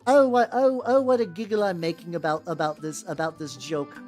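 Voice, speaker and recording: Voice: medium pitch, brisk, darkish tone, faint music behind, natural voice. A streamer putting on a faux British accent to play a posh, chuckling snob. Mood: amused.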